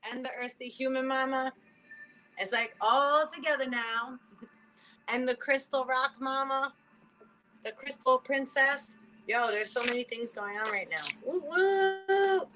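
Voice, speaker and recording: A woman giving a spiritual card reading in a casual livestream chat, rambling and animated, full of "like" and quick laughs. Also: high-pitched, faint music behind, poor audio.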